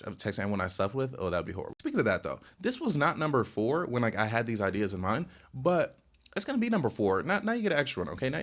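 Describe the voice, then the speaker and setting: Young guy yapping fast about his life, lots of "like" and "bro", voice bouncing up and down. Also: a bit bright. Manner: rambling, lots of filler "like" and "bro", jumps in pitch. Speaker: storytelling vlogger. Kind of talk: casual storytime rant.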